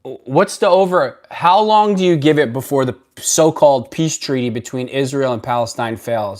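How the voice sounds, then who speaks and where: This livestream host speaks at medium pitch and a moderate pace, with hardly any pauses. He rambles bluntly through viewer comments on his casual stream, frequently restarting what he's saying.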